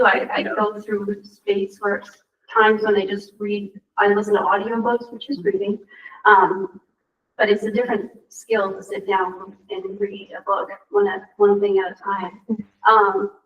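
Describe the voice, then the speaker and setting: A woman school librarian answering questions at a committee meeting, earnest and thinking aloud. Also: mid-range voice. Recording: roomy, dull, from a distant mic.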